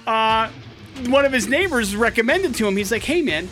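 A man's voice: very high voice, lively intonation, moderate pace, pushed and bright. A man hosting a morning radio show, telling a news story in a chatty, wry way. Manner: chatty and wry, with a dry joking aside. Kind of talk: casual radio banter, storytelling a news item.

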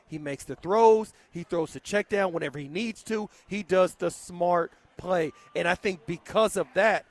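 A man, a former football player, making his points on a sports talk show with emphatic, drawn-out explanations. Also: high-pitched, dry recording.

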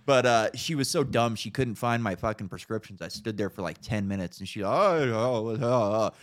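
A man's voice: on the low side, moderate pace. A man co-hosting a podcast, telling stories in a profane, ranting way in casual chat. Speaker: podcast co-host.

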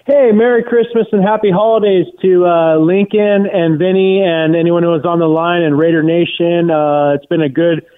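A man's voice: sits high, steady tone, moderate pace, few pauses. A man from Southern California calling in to a sports radio show, rambling with earnest fan enthusiasm. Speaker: caller. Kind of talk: phone call to a radio show. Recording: tinny phone line.

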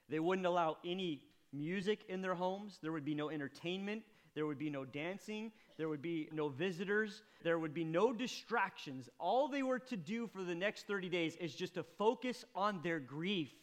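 Guy preaching a sermon, pretty high voice, gets quiet then fired up. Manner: impassioned, swings from hushed to loud. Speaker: pastor.

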